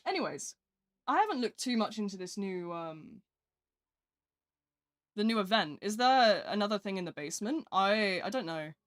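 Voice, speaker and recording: A woman's voice: medium pitch, big pitch swings, moderate pace, pauses often. Chatty young British woman streaming. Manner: chatty, rambling, self-deprecating, reads chat aloud. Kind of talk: live gameplay stream chat.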